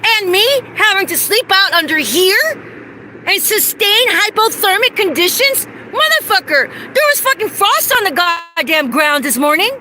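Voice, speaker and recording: Woman cussing and ranting outside on her phone, high bright voice. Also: slight background noise. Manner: profane, agitated, ranting. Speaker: vlogger. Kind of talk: angry livestream rant. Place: outdoors in the cold.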